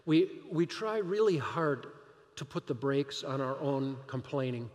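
A pastor delivering a sermon, animated and emphatic, firing rhetorical questions at the congregation. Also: male voice, medium pitch, unhurried, big-room sound.

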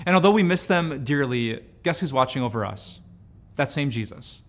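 A man's voice: mid-range voice, lively intonation, normal speed. A man, a pastor hosting a TV ministry, speaking directly to viewers in a scripted devotional talk and appeal. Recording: soft music underneath.

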